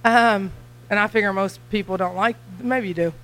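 A young woman with a Kentucky accent giving a church mission talk, chatty and nervous, talking fast. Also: mid-range voice, a bit bright, poor audio. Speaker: missionary guest speaker.

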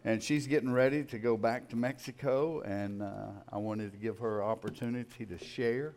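A pastor talks to his congregation in a folksy, relaxed way. His voice sits at a mid pitch and has an even, everyday tone. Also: normal speed. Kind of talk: casual church announcements. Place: church sanctuary.

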